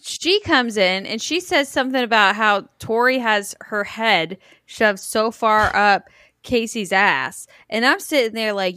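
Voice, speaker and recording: A woman's voice: fairly high pitch, lively intonation, a little slow, bright, forceful tone, dry recording, studio quality. A woman co-hosting a casual reality TV recap podcast, blunt and swearing heavily. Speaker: podcast co-host.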